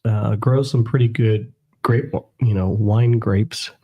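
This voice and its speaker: Mellow low-voiced man explaining. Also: fairly even intonation, takes it slowly. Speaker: podcast co-host. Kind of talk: casual chat.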